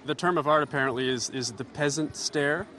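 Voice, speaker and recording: A man's voice: fairly high pitch, fairly quick, bright, forceful tone. Wry man reporting outdoors. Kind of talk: on-location radio report. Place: outdoors at a busy expo.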